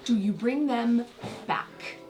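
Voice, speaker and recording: A woman's voice: on the high side, takes it slowly, distant mic, soft background music. A woman playing a tabletop game as a player, speaking animatedly. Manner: animated, laughing in character.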